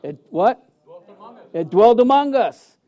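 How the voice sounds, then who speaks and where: A man preaching a sermon as pastor in a church sanctuary, emphatic and animated, with many fillers and restarts. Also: very high-pitched, slow pace, highs cut off.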